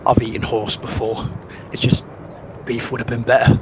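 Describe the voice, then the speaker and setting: A man's voice: mid-range voice, little pitch movement, moderate pace, heavy background noise, close to an everyday voice. A man doing a grumbling, stingy traveler. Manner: grumbling, coarse.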